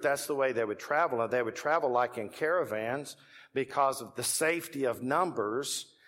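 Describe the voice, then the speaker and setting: A man's voice: medium pitch, a bit bright, in a large hall. A man with a Texan accent preaching a sermon as pastor, telling stories in a conversational way and building to emphatic points. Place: church sanctuary.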